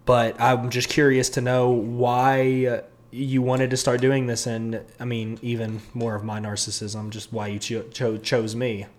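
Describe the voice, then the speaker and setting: A young man in his twenties co-hosts an easygoing podcast with his friend. His voice is mid-pitched and relaxed. He rambles a bit with fillers and pokes fun at himself. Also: measured pace. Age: 20s. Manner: loose and self-mocking, many fillers. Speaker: podcast co-host. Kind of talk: casual chat.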